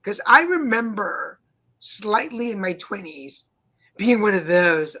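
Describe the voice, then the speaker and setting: Lively-voiced male co-host chatting. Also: high voice. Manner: chatty, halting with fillers and restarts. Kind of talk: casual chat. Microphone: home streaming setup.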